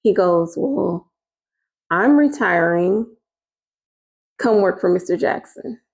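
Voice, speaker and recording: Chatty woman telling a story, gravelly. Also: lively intonation, takes it slowly. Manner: casual and chatty, acting out quoted lines with rising pitch. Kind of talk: storytime recounting a personal experience.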